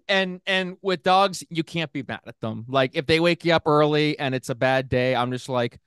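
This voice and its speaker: A man's voice: on the high side, sing-song, unhurried, a bit bright, clean tone, dry recording, clean studio sound. A man hosting a casual podcast interview, rambling with lots of fillers and restarts, laughing often. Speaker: podcast host.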